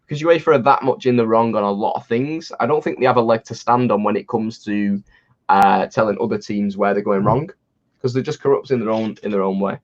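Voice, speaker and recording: A man with a fairly low voice speaks briskly while co-hosting a casual livestream as he watches football. He's chatty, laughs often, and rambles with restarts, and the stream audio is dull and lo-fi.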